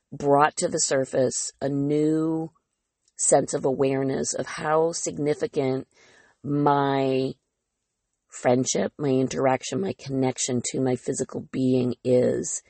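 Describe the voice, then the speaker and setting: A woman's voice: rumbling low, creaky, dark tone, no echo. A woman hosting her own podcast, talking candidly and earnestly in a reflective personal monologue, often poking fun at herself. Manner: candid, earnest, self-deprecating. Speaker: podcast host.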